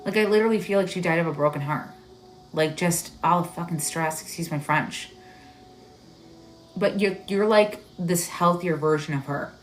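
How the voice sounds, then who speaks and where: A woman hosting a live stream as a psychic medium, giving readings in a halting, searching way full of "like"s and growing emotional. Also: fairly low pitch, faint music behind. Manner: halting, searching delivery with many "like"s; emotional, tearful at moments.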